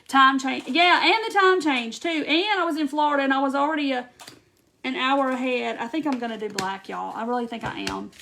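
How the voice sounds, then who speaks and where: A woman's voice: a little high, a bit bright, a little hiss or hum. A woman hosting a live craft tutorial, chatting and greeting viewers by name as she reads their comments and works.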